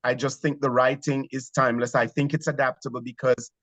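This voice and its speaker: A man from Jamaica with a Jamaican accent, a theater actor telling stories in an interview, animated but hesitant. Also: mid-range voice, fairly quick, no room sound, low-quality recording. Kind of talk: conversational interview.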